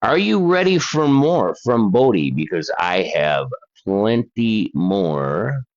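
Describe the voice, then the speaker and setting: Unhurried older man, lo-fi. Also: fairly low pitch, sing-song. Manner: slow, chatty asides to viewers. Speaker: paranormal channel host. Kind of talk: casual reading of letters and articles.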